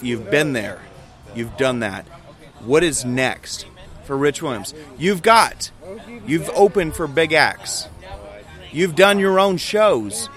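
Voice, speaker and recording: A man's voice: on the high side, expressive, takes it slowly, fairly bright tone. A man hosting a podcast interview, joking and teasing his guest and plugging him promo-style, recorded outdoors at a live venue. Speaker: podcast host. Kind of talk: casual banter interview.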